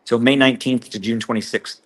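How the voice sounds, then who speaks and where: A man, recounting what he witnessed as a guest in an interview, earnest and halting with frequent restarts. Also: medium pitch, steady tone. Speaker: whistleblower guest.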